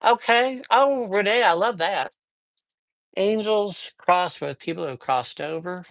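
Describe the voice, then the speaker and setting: A man's voice: high-pitched, animated, a little slow, creaky, a bit bright, no room sound. A man doing a livestreamed card reading, upbeat and chatty, rambling a little and greeting viewers by name. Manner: rambling, with frequent fillers. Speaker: psychic reader. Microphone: livestream microphone.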